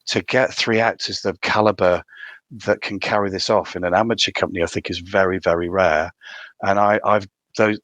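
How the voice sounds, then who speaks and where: A man's voice: low voice, fairly bright tone, no echo. A man from North East England, a theatre director chatting eagerly in an interview, with many restarts. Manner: enthusiastic, rambling with restarts. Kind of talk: casual interview chat.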